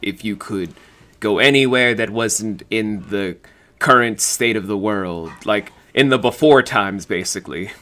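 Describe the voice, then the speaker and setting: A man co-hosting a casual podcast, relaxed and reading out questions to his guest. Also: lowish voice, a little slow. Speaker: podcast co-host.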